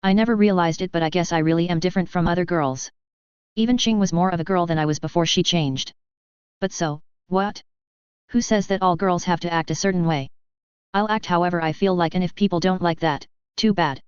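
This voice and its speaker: A brash young woman in a fantasy audiobook, defiant and boastful, as a narrator reads her lines. The voice is very smooth and clean. It sits in a dry, slightly muffled recording. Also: medium pitch, fairly quick, no echo, natural voice. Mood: reflective.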